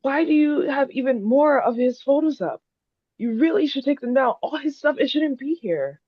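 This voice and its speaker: Woman acting a young millennial woman, high voice, animated, dry dull recording. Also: normal speed, no echo. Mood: defensive. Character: millennial daughter, playful and defensive. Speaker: Anna.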